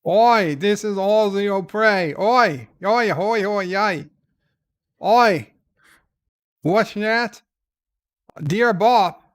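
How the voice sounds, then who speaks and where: A man's voice: sits high, very slow, long pauses, clear, resonant tone, voice pushed up. A man voicing a brash, boisterous Australian cousin with a put-on Australian accent who barks rowdy greetings.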